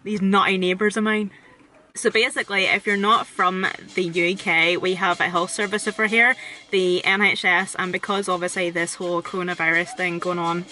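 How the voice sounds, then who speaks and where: A woman's voice: lowish voice, fairly even intonation, moderate pace, bright, forceful tone, low-quality recording. A woman in her twenties with a Northern Irish accent, chatting casually to camera from a parked car and filling her talk with "like". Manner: chatty, rambling, fills talk with "like". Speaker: vlogger.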